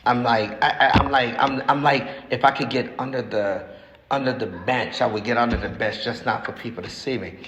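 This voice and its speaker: A man in his sixties giving a recovery testimony at a meeting, talking frankly and haltingly, repeating himself as he tells his story. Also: mid-range voice, fairly bright tone, lo-fi sound. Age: 60s. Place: meeting hall. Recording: echoey hall with faint noise.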